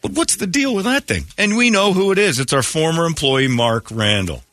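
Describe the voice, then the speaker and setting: A man hosting a morning radio show, chatting casually and ranting in a mocking, animated way, often laughing. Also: a little high, a little fast, no room sound. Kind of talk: casual on-air banter.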